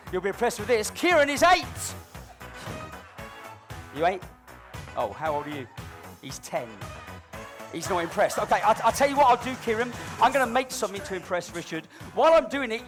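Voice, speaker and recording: A male entertainer teases someone from the audience while twisting balloons in a live comedy stage act. His playful, mock-dramatic patter moves between loud proclamations and hushed asides.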